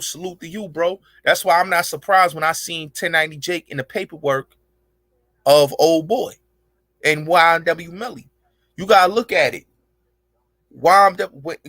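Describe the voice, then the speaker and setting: A man's voice: high voice, bright, forceful tone, no echo. A man hosting an online show, delivering a rambling, emphatic monologue full of profanity and street slang. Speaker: show host. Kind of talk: casual monologue.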